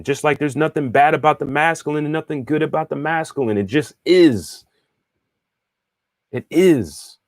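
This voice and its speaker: In studio quality with no echo, a medium-pitched man who teaches spirituality and astrology gives a casual monologue responding to viewer questions. His style is conversational, with frequent check-ins with the listener and restarted phrases as he thinks aloud.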